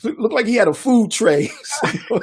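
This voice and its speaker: An older man, a DJ and producer telling a story in a casual interview, animated and acting out the voices of others. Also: very high voice, moderate pace, creaky, a little hiss or hum. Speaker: guest DJ and producer.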